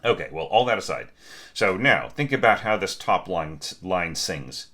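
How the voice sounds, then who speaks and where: A man with a low voice and a crisp, forceful edge critiques a student's score in a relaxed, talky way. He sings little phrases aloud to show articulations. He is blunt, then quickly apologetic. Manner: chatty, apologetic, frequent fillers; direct, critical feedback. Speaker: orchestration teacher reviewing scores.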